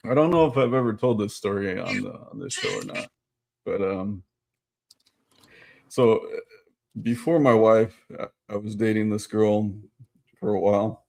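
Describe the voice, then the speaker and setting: A man with a somewhat low voice co-hosts a podcast. He tells a story casually and haltingly, stumbling over and repeating his words. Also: gravelly, darkish tone. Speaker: podcast co-host.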